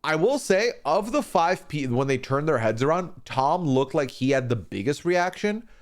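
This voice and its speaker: A man's voice: fairly high pitch, moderate pace. A man streaming a casual, opinionated recap of a reality show, swearing freely and acting out what people said. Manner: animated, swearing, acting out quoted lines.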